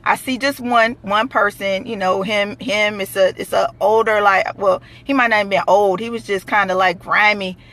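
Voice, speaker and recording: A woman telling a true story in a blunt, animated, profane way, full of fillers. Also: mid-range voice, moderate pace, hardly any pauses. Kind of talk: casual storytelling to camera.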